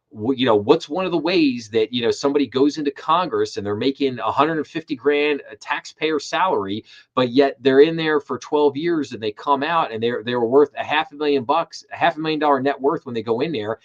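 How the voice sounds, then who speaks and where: A man's voice: medium pitch, highs cut off. A middle-aged man hosting a live finance commentary stream, emphatic and repeating his words when he gets worked up. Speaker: host.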